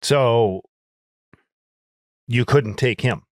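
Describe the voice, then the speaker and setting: A man's voice: mid-range voice, drawn-out words, a little mellow, dry recording, studio quality. A man co-hosting a podcast, easygoing, asking follow-up questions and musing casually. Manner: easygoing, prompting questions and short agreements. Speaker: podcast co-host. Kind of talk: casual chat.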